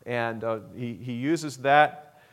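A man's voice: mid-range voice, takes it slowly. Man preaching an emphatic sermon. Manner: emphatic preaching with frequent uh fillers and restarts. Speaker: pastor.

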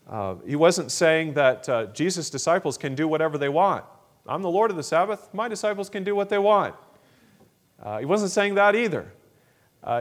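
Slightly high-voiced man preaching a sermon. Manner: measured, with frequent fillers and throat clearing.

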